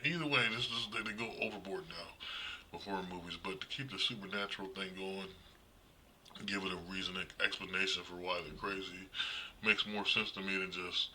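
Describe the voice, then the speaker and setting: A man giving a casual, rambling horror movie review, blunt and quick to laugh, with plenty of fillers. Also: low voice, fairly even intonation, pushed and bright, slight background noise, poor audio.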